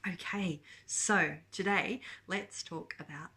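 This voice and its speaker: A woman's voice: fairly low pitch, slow, bright, forceful tone. A woman, chatting casually about books to camera, rambling with many ums and frequent laughs. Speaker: book vlogger. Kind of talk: casual book chat to camera.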